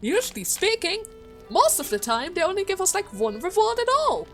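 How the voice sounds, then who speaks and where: A woman's voice: extremely high pitch, sing-song, moderate pace, soft background music. A woman giving casual, giggly commentary while playing a video game and reading item text aloud. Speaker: let's play gamer.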